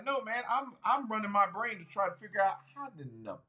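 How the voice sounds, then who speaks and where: A man on a racing talk show telling his side of an argument in profane, animated casual chat. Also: high-pitched, fast. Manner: animated, profane, talks over others.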